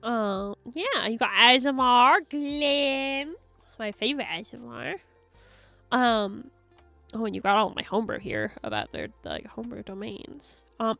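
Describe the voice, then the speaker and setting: Bright, excitable woman streamer. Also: a little high, measured pace, gravelly, faint music behind. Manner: rambling, excitable, swears and giggles often. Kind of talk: casual stream chat.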